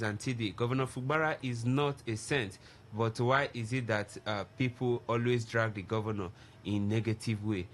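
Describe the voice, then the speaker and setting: A Nigerian man co-hosting a radio phone-in, his voice bright and forward. He reads out listener messages with many fillers and breaks into Pidgin asides. There is a faint hiss under the studio sound. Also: mid-range voice.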